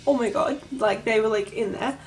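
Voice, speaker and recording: A young woman tells a vlog story, gushing and breathless, with "like" in nearly every line. Her voice sits high. Faint music plays under her talk. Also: normal speed. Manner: gushing, breathless, heavy use of "like". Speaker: vlogger.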